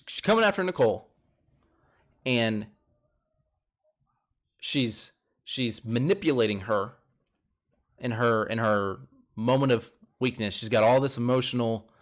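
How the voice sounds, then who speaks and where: A young man chatting casually as he recaps a TV episode, retelling events animatedly and jumping up in pitch when quoting people. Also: unhurried, long pauses. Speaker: show recap host.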